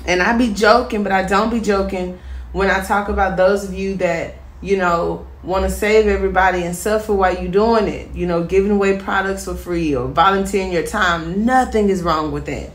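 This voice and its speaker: A woman's voice: medium pitch, fairly even intonation, normal speed, reverberant. A woman giving a casual tarot reading to her viewers, chatty and encouraging, with many fillers. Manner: chatty, encouraging, addresses viewers as "my star" and "my healers". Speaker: tarot reader.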